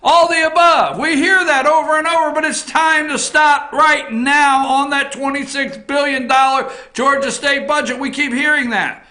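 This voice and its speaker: Man, talk show host, blunt swearing rant, shouting, very high pitch, roomy echo. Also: steady tone, normal speed, hardly any pauses. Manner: frequently shouting. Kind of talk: opinion rant on politics. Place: office.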